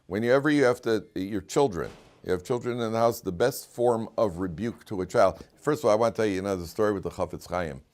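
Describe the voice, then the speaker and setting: Rabbi teaching a live class: a man with a lowish voice, casual and wry, full of stories and asides. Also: fairly quick, hardly any pauses, darkish tone. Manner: informal and joking, with frequent restarts. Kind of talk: conversational Torah lecture with stories.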